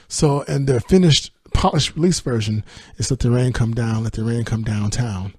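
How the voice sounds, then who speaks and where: A man doing a relaxed music-podcast host, walking through an album track by track in an easy, unscripted way. He sounds at a middle pitch and slips into quick asides with a laugh. The sound is dry and close, with no room around it. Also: no room sound. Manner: sings lyric snippets, laughs often, speeds up on asides. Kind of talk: casual album review with sung lyrics.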